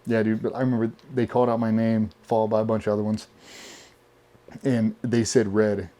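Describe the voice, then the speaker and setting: A man with a fairly low voice tells war stories in a relaxed interview, swearing freely. His delivery is animated and conversational, his words tumbling out as he leans into each story. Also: fairly quick. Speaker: podcast guest.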